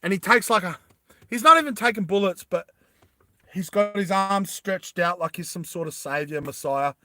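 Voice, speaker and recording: A man's voice: sits high, moderate pace, sharp tone, no echo. A young man casually telling a comic story, rambling and laughing at his own ideas.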